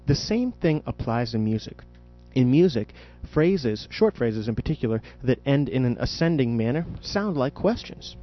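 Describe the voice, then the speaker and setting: A man's voice: mid-range voice, big pitch swings, normal speed, muffled recording. A man teaching jazz improvisation in a podcast audio lesson, explaining patiently and demonstrating spoken question and answer inflections.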